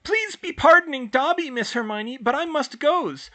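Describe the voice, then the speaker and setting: A man doing a squeaky fretful house elf. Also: expressive, moderate pace, bright, forceful tone, heavily acted. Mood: apologetic. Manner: broken grammar, pleading. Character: squeaky timid male house elf servant.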